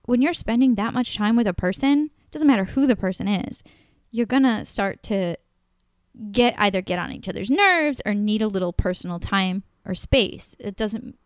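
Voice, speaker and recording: Smooth-voiced woman telling an emotional story. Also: medium pitch, normal speed, no echo, clean studio sound. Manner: emotional, animated retelling, swears often. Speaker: podcast guest. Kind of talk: personal storytelling in a podcast chat.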